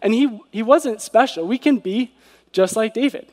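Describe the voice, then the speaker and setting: In a hall with long, lingering reverb, a high-voiced preacher with a darkish tone speaks at a moderate pace. His devotional sermon is earnest, and he often asks his listeners rhetorical questions.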